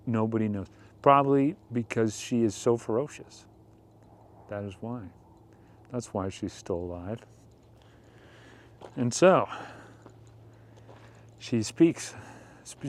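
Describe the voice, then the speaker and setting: A man hosting a rambling commentary show, speaking with mocking deadpan sarcasm. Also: mid-range voice. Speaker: commentary host.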